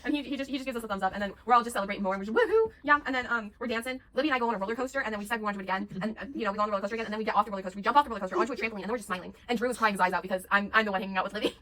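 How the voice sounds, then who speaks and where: A woman's voice: mid-range voice, bright, forceful tone. A young woman improvising a long silly story, rambling along with fillers and giggles. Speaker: vlogger's friend.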